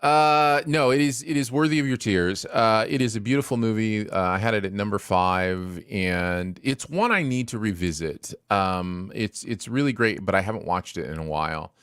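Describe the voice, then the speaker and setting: A podcast co-host with a low man's voice that swings widely in pitch as he enthuses. The recording is close and dry, with no room sound. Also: animated, normal speed, few pauses, a bit bright, smooth, no echo. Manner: enthusiastic, playful, encouraging. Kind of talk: casual movie review chat.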